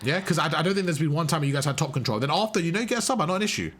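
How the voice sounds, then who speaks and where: A man's voice: a little high, lively intonation, rapid-fire, fairly bright tone. A young man coaching a player live through a match, emphatic and full of praise, repeating his instructions. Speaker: game coach. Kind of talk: live gameplay coaching commentary.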